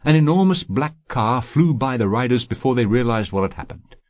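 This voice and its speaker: Steady male audiobook narrator, dry sound. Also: mid-range voice, fairly quick, no echo.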